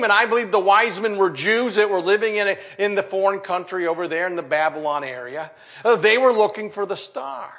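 A man's voice: high-pitched, sharp tone. An older man, a pastor, preaching a folksy sermon with jokes and asides to his congregation.

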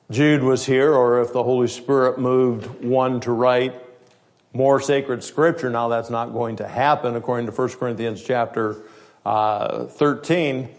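A male pastor delivers a sermon in a conversational preaching manner. He speaks at a middle pitch, works through the text with everyday asides, and puts rhetorical questions to the congregation.

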